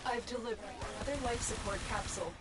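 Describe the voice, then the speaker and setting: A woman voicing a calm female mission operator in a video game, giving brisk, businesslike announcements. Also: fairly high pitch, loud music behind the voice, lightly acted. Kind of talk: in-game voice lines. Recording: game audio under loud noise.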